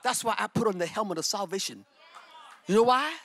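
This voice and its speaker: A middle-aged woman preaching a sermon with personal testimony, fervent and emphatic, and breaking into shouts. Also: medium pitch, fairly quick, some chatter behind.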